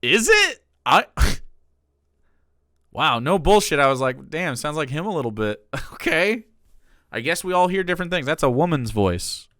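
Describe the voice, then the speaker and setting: A man's voice: on the high side, big pitch swings, unhurried, bright, forceful tone, no room sound, studio quality. A man streaming, reacting to a video with exasperated, profane casual commentary and frequent laughter.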